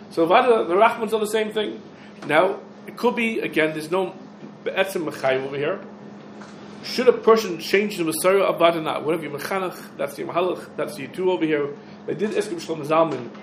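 Man, halacha lecture, asks and answers his own questions, slightly high voice, roomy echo. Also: slight background noise. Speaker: Torah teacher. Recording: echoey room with faint ambience.

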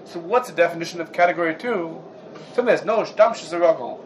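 A man teaching a Talmudic lecture, lively and full of rhetorical questions, dropping Hebrew and Yiddish terms. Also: a little high, fast, a little hiss or hum, poor audio. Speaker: Torah class teacher.

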